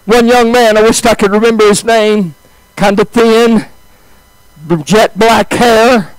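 A male preacher telling a story in a sermon, swinging from high exclamations to hushed, drawn-out phrases. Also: steady tone, no echo, poor audio.

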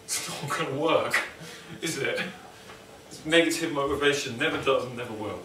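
A man's voice: medium pitch, normal speed, sharp tone, recorded from a distance. Rambling, joking English man. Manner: joking, self-deprecating, rambling. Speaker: cooking vlog host. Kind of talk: rambling casual monologue. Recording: echoey room, mic some way off, faint noise.

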